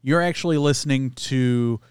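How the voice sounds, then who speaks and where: A man's voice: medium pitch, normal speed, smooth, dry recording, clean studio sound. A man co-hosting a podcast, joking around and laughing a lot in casual chat. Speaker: podcast co-host.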